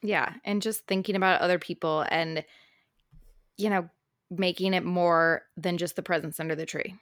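A woman co-hosting a casual chat show, upbeat and quick to laugh. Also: lowish voice, steady tone, a bit bright, no room sound, clean studio sound. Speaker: co-host.

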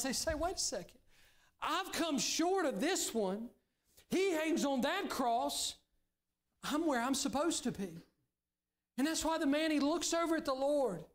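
A man preaching a sermon as pastor in a church, earnest, now and then dropping to a hushed, pleading voice. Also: extremely high pitch. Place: church sanctuary.

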